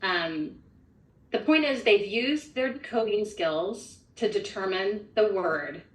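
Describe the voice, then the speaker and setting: A woman's voice: medium pitch, lively intonation, takes it slowly, far from the mic. A woman trainer modeling a phonics lesson, explaining each step methodically. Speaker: literacy trainer. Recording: echoey room from off-mic.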